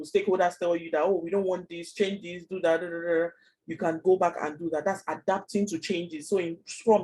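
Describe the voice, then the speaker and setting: A man teaching a Scrum class online, explaining fast and chatty with many fillers. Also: high voice, a little mellow, low-quality recording. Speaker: Scrum trainer.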